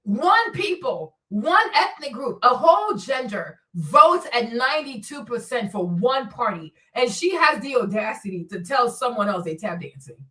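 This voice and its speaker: A woman's voice: fairly high pitch, big pitch swings, normal speed, sharp tone, recorded from a distance, rough recording. A woman who immigrated to the US, hosting a casual opinion commentary and ranting bluntly, sarcastically and profanely. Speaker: commentary channel host.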